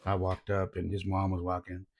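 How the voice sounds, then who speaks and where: Deep gravelly-voiced man, laid-back. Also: monotone, normal speed, darkish tone, muffled recording. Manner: laid-back, says "man" often, earnest. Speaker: youth baseball coach and podcast host. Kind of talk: casual reflective storytelling.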